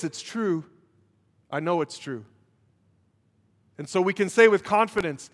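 A male pastor preaching a sermon while emotional, swinging between loud emphatic passages and hushed prayer. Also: a little high, normal speed, pauses often. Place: church. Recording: long church hall reverb.

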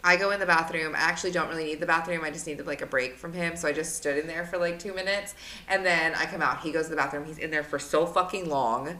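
Woman, podcast co-host, casual chat, fairly low voice, roomy sound. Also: quick pace. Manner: swears a lot, animated retelling. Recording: roomy echo.

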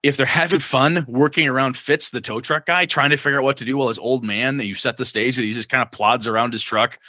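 A man co-hosting a casual chat about running tabletop games, animated and slipping into quick character voices. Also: mid-range voice, dry recording, clean studio sound. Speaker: game master podcast co-host.

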